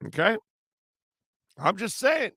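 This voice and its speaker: A man's voice: sits high, takes it slowly, creaky, slightly rough, dry recording, studio quality. A man hosting a sports talk show, talking casually and animatedly, often restarting his sentences. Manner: animated, laughing, rambling with restarts. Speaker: sports radio host.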